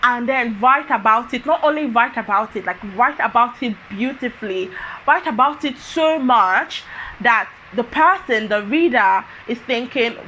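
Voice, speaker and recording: A woman talks casually through a book review, rambling and restarting as she thinks aloud. Her voice sits a little high and sounds very bright. A faint room hum sits behind her. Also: lively intonation, unhurried, lo-fi sound. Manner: chatty, thinks aloud with many fillers.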